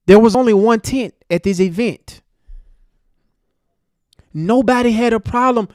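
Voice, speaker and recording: A man's voice: high-pitched, measured pace, a little mellow, no room sound, studio quality. A man hosting a commentary show, ranting angrily and addressing the person in a news clip directly. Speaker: commentary host. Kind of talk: heated commentary monologue.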